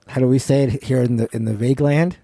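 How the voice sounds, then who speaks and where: A man co-hosting a board game podcast, joking in a deadpan way during casual chat. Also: mid-range voice, fast, vocal fry, no room sound. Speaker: podcast co-host.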